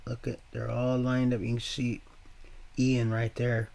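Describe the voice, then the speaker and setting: Gravelly-voiced man rambling on a livestream. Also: mid-range voice, monotone, a little slow, a little mellow. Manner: rambling, profane, swearing often. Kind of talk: rambling casual storytelling.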